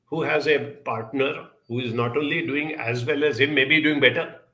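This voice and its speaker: A man giving a reflective self-help talk, telling a childhood story in an unhurried way and acting out the people he quotes. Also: mid-range voice, poor audio. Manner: storytelling, quoting others in lively voices; unhurried, spoken as if to listeners.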